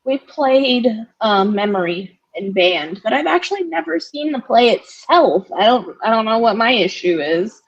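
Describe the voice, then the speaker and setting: A woman guest, a burlesque performer, chatting casually in an interview with relaxed, chatty reactions. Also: on the high side, measured pace, hardly any pauses, highs cut off. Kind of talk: casual chat.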